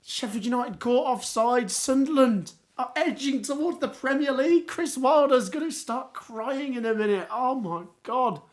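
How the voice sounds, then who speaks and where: Hoarse, excitable man. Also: very high-pitched, moderate pace, hardly any pauses. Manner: excitable, exclamatory, reacting live. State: hoarse, voice going. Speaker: livestream watchalong host. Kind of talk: live football watchalong commentary.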